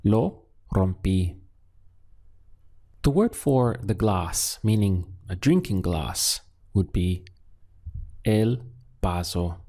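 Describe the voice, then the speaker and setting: A male language teacher with a lowish, gravelly voice and a dark, mellow tone. He speaks slowly and deliberately, repeating words so learners can follow. His manner is patient and methodical. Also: lively intonation. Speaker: Spanish teacher. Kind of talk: language lesson with drills.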